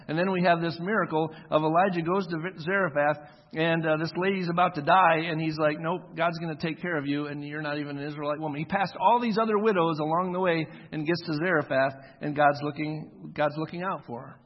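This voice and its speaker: A pastor in his forties preaches in a relaxed, conversational style, performing the voices of quoted people as he tells the story. His voice is fairly high and steady, a little fast. The sound is dull and lo-fi, recorded in an echoey hall.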